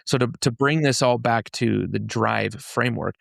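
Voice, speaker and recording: Gravelly guy on a podcast, retelling bible stories in slang, lots of restarts, dry close sound. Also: mid-range voice, moderate pace, fairly bright tone, no room sound. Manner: storytelling, paraphrases scripture in everyday slang, frequent restarts. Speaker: podcast speaker explaining a faith-based framework. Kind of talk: casual podcast conversation. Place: podcast studio in Utah.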